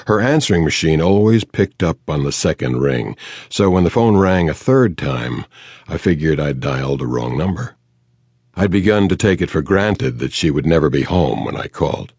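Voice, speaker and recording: A man narrating a detective novel in the first person, measured, dry and matter-of-fact. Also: low voice, creaky, a little mellow, breathy edge, no echo. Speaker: audiobook narrator.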